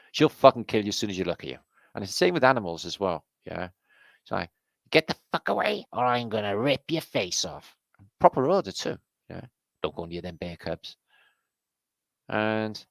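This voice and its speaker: A low, gravelly British man talks in a loose, rambling way, his voice leaping up and down as he reacts. He is a show host giving casual, excitable commentary and swears freely, and the sound is close and dry. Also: dry recording. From Britain.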